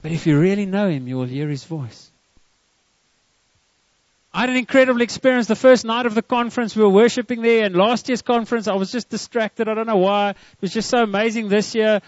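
At a church service, a man with a high voice preaches briskly and earnestly to the congregation, often repeating words as he begins a line. The audio is dry and dull.

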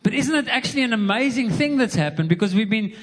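A man's voice: extremely high pitch, animated, fast talker, a bit bright. A man preaching a sermon as pastor, earnest and repeating words as he builds his points. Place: church hall. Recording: long hall reverb.

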